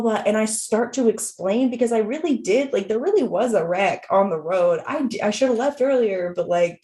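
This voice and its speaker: Young woman, podcast co-host, chatty and rambling, echoey room. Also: mid-range voice. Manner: animated, rambling, acts out quotes in a raised voice. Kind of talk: casual storytelling chat.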